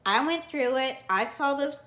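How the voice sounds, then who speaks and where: A woman's voice: high voice, expressive, normal speed, fairly bright tone, reverberant. A woman hosting a card collecting vlog, chatting casually in a put-on cheesy Southern US accent and calling herself Auntie. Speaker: card collecting channel host.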